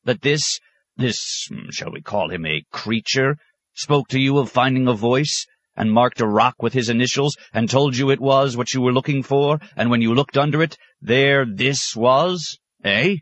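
A man playing a stern sarcastic abbot, deep low voice, cutting, dry close sound. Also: lively intonation, normal speed, a bit bright, no room sound, full character voice. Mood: scornful. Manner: mocking, cutting, sometimes roaring.

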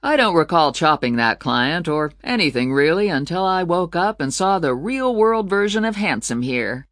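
A narrator voicing a young male ex-Marine in a robot body, speaking in a smooth, salesy voice like an infomercial. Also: mid-range voice, lively intonation, normal speed, a bit bright, no room sound, clean studio sound, lightly acted. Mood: dry.

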